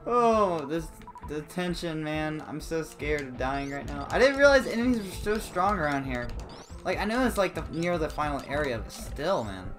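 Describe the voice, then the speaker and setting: A man giving let's play commentary, excitable and comically dramatic, jumping into high squeaky exclamations over faint game music. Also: moderate pace.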